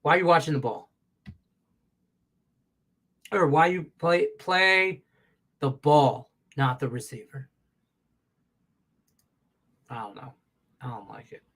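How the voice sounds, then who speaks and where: A man hosting a live sports betting show, reacting to the game with profane, excitable commentary that swings from loud rants to low mutters. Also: slow pace, long pauses, slightly rough.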